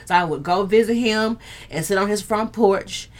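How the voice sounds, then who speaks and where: At a moderate pace and in a mid-range voice, a woman hosts a casual live stream. She chats candidly and earthily with viewers, swearing and talking right to them.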